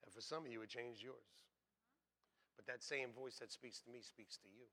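A man preaching a sermon as pastor, swinging between hushed, quiet passages and loud, shouted exclamations. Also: mid-range voice, steady tone, moderate pace, breathy edge.

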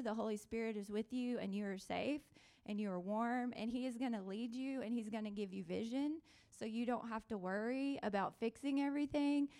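A woman on a panel gently offering faith-based encouragement and quoting scripture in a reassuring, conversational way. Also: fairly high pitch. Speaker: panel speaker. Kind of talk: devotional encouragement.

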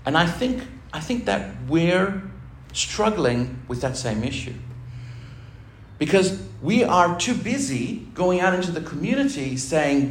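A pastor with a somewhat high, sing-song voice preaches to his church at a measured pace, chatting and joking with laughs along the way. The church hall recording is roomy, with faint noise.

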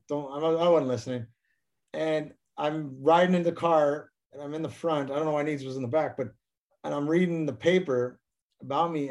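A man's voice: on the high side, darkish tone. A man, a former hockey player, telling stories as a guest in a casual interview, often repeating and restarting his words.

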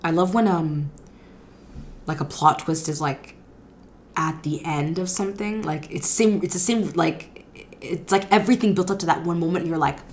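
A woman co-hosting a podcast, chatting excitedly about a TV show and rambling with lots of restarts. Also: fairly low pitch, moderate pace, slight background noise. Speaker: podcast co-host. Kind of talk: casual chat about a TV show.

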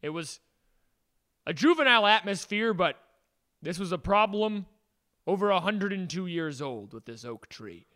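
A man's voice: high voice, expressive, moderate pace, long pauses, bright, forceful tone. A man playing an earnest neighbor who narrates his own story in an improvised comedy scene. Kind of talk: improvised comic storytelling in character.

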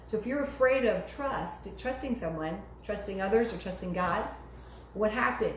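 At normal speed and in a mid-range voice, a woman gives an emphatic sermon, rising sharply when quoting cries to God. The audio carries room echo and faint noise.

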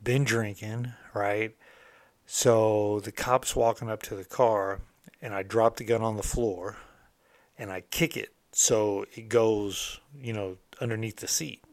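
A middle-aged man from the United States tells a story from his rough past in a loose, candid, streetwise way, cursing as he goes. His voice sits on the low side, and the recording is dry and close. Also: fairly even intonation, slow pace, no echo. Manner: candid, streetwise, swears freely. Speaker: motivational host telling his past. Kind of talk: casual storytelling monologue.

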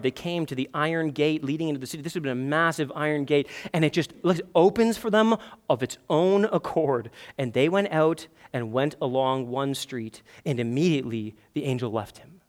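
With a slightly high voice at a moderate pace, a pastor in his thirties delivers a sermon in a church sanctuary. He's animated and energetic, stopping to act out prayers in a pleading, raised voice.

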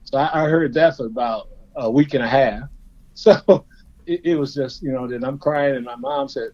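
A man from Indiana talks as a guest, spinning self-deprecating stories and chuckling between stumbling restarts. His voice sits at a middle pitch. The audio is slightly dull and lo-fi. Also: moderate pace. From Indiana, USA. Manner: self-deprecating, laughing storyteller with frequent restarts. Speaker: guest, former player. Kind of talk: storytelling in a conversation.

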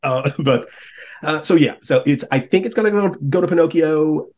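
Enthusiastic man with a higher voice. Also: normal speed, a little mellow. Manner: enthusiastic, laughs often while talking. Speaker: podcast guest. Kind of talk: casual roundtable chat.

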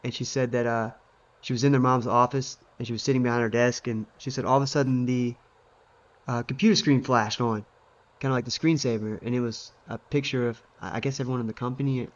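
A man's voice: medium pitch, steady tone, fast, dull audio. A married man, co-host of a faith podcast, telling a story in casual chat with many fillers.

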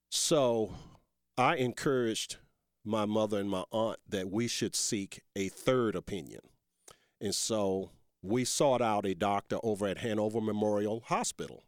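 A man's voice: on the low side, measured pace, smooth, dry recording, studio quality. A man hosting a talk radio show, folksy and rambling, calling his listeners folks and growing emphatic and heated as he argues.

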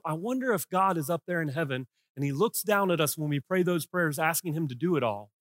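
A man preaching a sermon as pastor, swinging between impassioned shouted lines and hushed, quiet ones. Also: a little high, lively intonation, a little fast, no echo, clean studio sound.

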